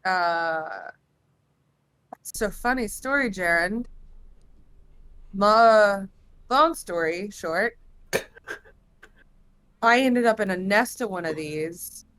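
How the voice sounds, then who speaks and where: A woman playing a tabletop game, talking in a hesitant, halting way as she works out her moves. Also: medium pitch, animated, fairly bright tone, clear, resonant tone. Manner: hesitant, halting, full of restarts. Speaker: player. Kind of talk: tabletop game play, casual.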